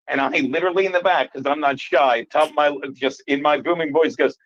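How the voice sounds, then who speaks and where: A man's voice: on the high side, brisk, few pauses, slight background noise. Man, comedian, rambling storyteller, casual chat, dull lo-fi sound. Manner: rambling storyteller, laughs at himself. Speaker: comedian guest.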